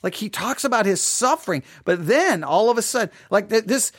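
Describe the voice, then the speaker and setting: Earnest preaching man, high voice, dry close recording, restarts phrases often. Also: lively intonation, normal speed, fairly bright tone, breathy edge, no echo. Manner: earnest, repeats and restarts phrases, rises when quoting cries. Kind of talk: impassioned sermon-style commentary.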